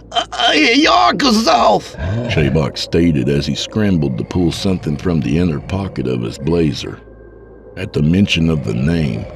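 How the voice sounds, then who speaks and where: A man narrating a first-person horror story in a measured, descriptive way. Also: very deep voice, vocal fry.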